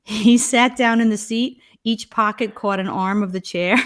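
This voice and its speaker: A woman's voice: medium pitch, moderate pace. A middle-aged woman, hosting a casual chat and telling stories with lots of laughter. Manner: animated storyteller, laughs often. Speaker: host.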